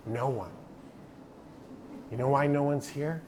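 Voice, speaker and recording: A man's voice: mid-range voice, darkish tone. Brief: middle-aged man, folksy drawling storyteller, faint room hum behind. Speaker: guest speaker. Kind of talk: storytelling talk. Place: hangar.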